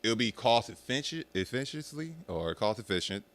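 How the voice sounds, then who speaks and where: A young man ranting casually to his viewers, swearing freely and mocking people in an animated way. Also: mid-range voice, normal speed. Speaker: streamer talking about arcade rhythm games.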